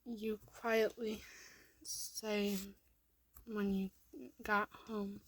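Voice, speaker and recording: A woman's voice: mid-range voice, fairly even intonation, slow pace, no echo. A woman reading a second-person fan story aloud, often in a half-whisper.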